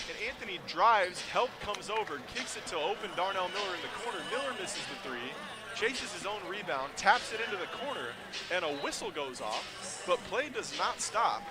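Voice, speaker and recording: A man commentating a basketball game play by play, his calls rising to shouts on the big plays. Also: high-pitched. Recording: loud gym noise behind the voice.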